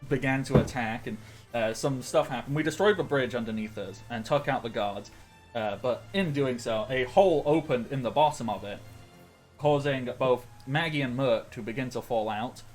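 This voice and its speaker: A man's voice: mid-range voice, normal speed. Man recapping the last tabletop session, loose and rambling, faint music behind. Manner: rambling, lots of ums and self-corrections. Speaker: player giving the session recap. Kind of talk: casual recap of a tabletop game.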